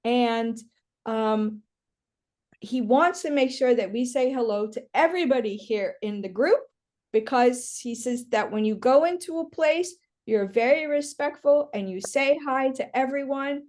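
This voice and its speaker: A woman's voice: a little high, unhurried, a little mellow. A woman working as a psychic medium, giving a chatty reading on a video call with many fillers. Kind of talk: live online reading.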